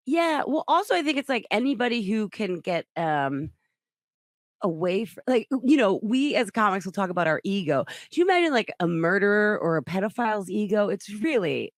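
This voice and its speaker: A chatty woman comedian hosts her podcast in casual banter, drifting from one tangent to the next and laughing easily. Her voice swings widely in pitch and sits dry and close on the mic. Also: very animated, moderate pace, no echo.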